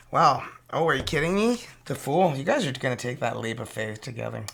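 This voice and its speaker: This is a Canadian tarot reader with a clear, bright voice and a Canadian accent. The delivery is casual and playful, full of exclamations, with card names slipped into French now and then. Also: mid-range voice, animated, fairly quick, few pauses.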